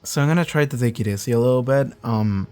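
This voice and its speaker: A man with a hoarse, cracking voice hosting a casual reaction review, rambling and swearing freely. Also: medium pitch, fast, darkish tone. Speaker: reaction video host.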